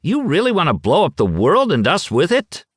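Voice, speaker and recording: A man doing a cocky, blustering chatterbox of a man, pitched well above the reader's own voice and bouncing through a lively range. He talks fast and brags, with a dry, close sound and no room around it. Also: no room sound. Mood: nervously pushy. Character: brash boastful loudmouth man, a chatterer.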